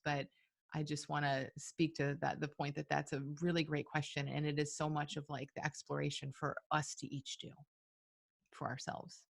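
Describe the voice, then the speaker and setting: A woman with a low, gravelly voice hosts a live webinar and answers questions from listeners. She talks in a reflective, searching way with plenty of fillers. The sound is dry and close. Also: dry recording. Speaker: webinar host and coach.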